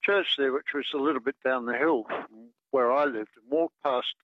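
A man's voice: medium pitch, normal speed, no room sound. A man calling in to a radio show, talking in a hesitant, rambling way. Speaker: caller. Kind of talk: phone-in chat. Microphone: telephone. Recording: dull phone line.

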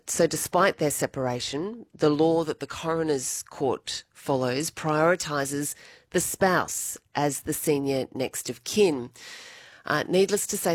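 An Australian woman presenting live breakfast radio, chatty and brisk, reading the weather and introducing stories in a studio. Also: low voice, dry recording. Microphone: studio microphone.

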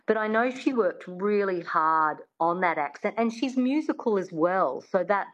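A woman's voice: mid-range voice, animated, normal speed. A woman, a coach, talking casually in an interview with many restarts and fillers. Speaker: accent coach. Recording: muffled lo-fi sound.

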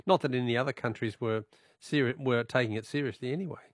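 Chatty Australian radio host, dry studio. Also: male voice, mid-range voice, quick pace, dry recording. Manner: chatty, amused. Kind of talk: talkback radio.

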